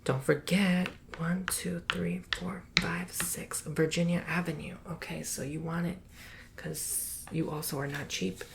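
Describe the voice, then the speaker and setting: A man whispers his way through a sassy ASMR tutorial, teasing and playful with the listener. His voice is gravelly and close. A steady hiss and small clicks sit under the recording. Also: on the high side, unhurried. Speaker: ASMR creator.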